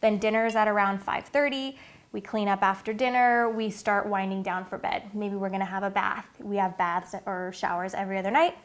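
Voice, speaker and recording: A woman's voice: mid-range voice, steady tone, brisk. Chatty earnest mother vlogging. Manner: earnest, chatty, with many fillers. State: getting emotional, near tears. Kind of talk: casual talk to camera.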